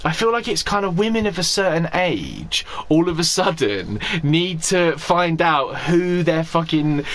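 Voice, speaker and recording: A man's voice: fairly high pitch, sing-song, unhurried, fairly bright tone. Exasperated sweary man ranting. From Scotland. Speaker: podcast co-host. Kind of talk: casual comedic rant.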